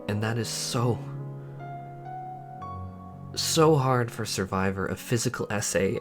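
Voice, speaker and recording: A man, a gaming YouTuber, speaking in a candid personal monologue, earnest and frustrated, halting with repeated restarts. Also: on the low side, faint music behind.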